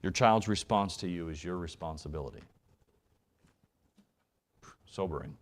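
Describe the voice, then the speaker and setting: A man with a low-pitched voice preaches a sermon in a church sanctuary. He talks earnestly and sometimes sinks to a soft, hushed near-whisper. Then he surges into quick, rising bursts of feeling. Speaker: evangelist preacher.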